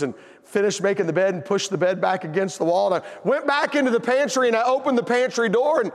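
A man telling a humorous family story in a sermon, folksy and animated. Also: high-pitched, quick pace, big-room sound. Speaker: pastor.

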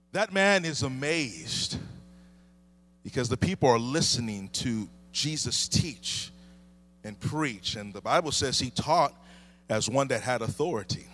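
A man's voice: mid-range voice, a bit bright. A man in his thirties preaching a sermon, building intensity through repeated refrains. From United States. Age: 30s. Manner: impassioned preaching with rising emphasis and repeated refrains. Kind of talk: sermon with opening prayer.

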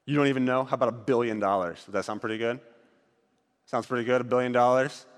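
A man's voice: mid-range voice, fairly even intonation, fast, in a large hall. A man leading a group through an acted-out Bible story, directing volunteers on stage as he narrates.

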